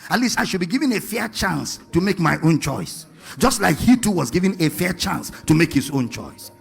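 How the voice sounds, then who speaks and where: A man's voice: high-pitched, sing-song, moderate pace, gravelly, faint music behind. A man preaching a sermon to a congregation, firing rhetorical questions and asking them to read along.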